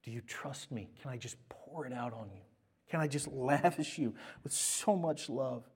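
A man voicing God as a gentle, loving father, speaking softly and partly in a whisper. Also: medium pitch, moderate pace, slightly rough. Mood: tender. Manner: soft, hushed, partly whispered.

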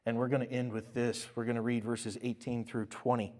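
A male pastor preaching a sermon, swinging from loud, exclaimed lines to quiet, intimate speech. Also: medium pitch, level tone, a little fast.

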